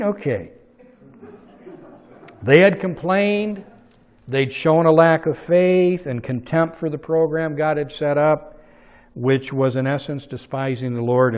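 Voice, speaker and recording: A man preaching a sermon, swinging from soft asides to loud, emphatic peaks as he retells a story. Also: medium pitch, in a large hall. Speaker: pastor.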